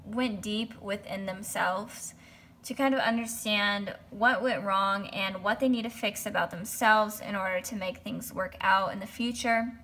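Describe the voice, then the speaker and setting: A young woman giving a casual tarot reading, talking hesitantly with many pauses and restarts. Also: mid-range voice, fairly even intonation, sharp tone. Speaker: tarot reader.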